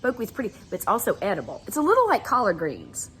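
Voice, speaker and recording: A middle-aged Southern American woman guides a laughter session, chatting in a folksy, giggly way. Her voice sits at an ordinary middle pitch for a woman. A faint hiss runs under the recording. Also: huge pitch swings, quick pace, fairly bright tone. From US South (Atlanta).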